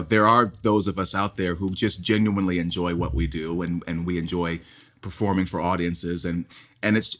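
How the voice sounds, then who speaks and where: Baritone male actor, emphatic. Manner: emphatic, animated, repeating words as he builds a point. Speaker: stage actor. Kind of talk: candid conversational interview.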